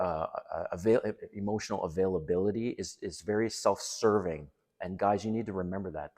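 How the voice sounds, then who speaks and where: A middle-aged man talking straight to other men, giving blunt, emphatic dating advice in a casual monologue. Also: low-pitched.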